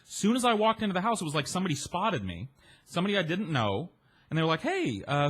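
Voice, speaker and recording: A man's voice: medium pitch, lively intonation, fast. A man spins a long personal anecdote in an easy, rambling way. He backtracks, repeats words, and drops casual swearing. Now and then he lifts his voice to play the people in his story.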